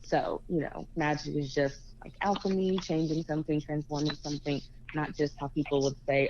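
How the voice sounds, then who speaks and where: Low-voiced woman guest on a muffled phone line. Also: fairly even intonation, moderate pace, a little mellow, slight background noise. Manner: laughs easily, explains thoughtfully. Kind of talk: casual conversation.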